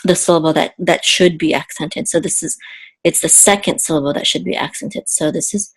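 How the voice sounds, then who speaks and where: A woman teaching Hebrew cantillation, patiently repeating terms and chanting verses, her voice a little hoarse. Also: lowish voice, brisk. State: slightly hoarse, clearing her throat. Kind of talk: slow explanatory lesson with chanted Hebrew.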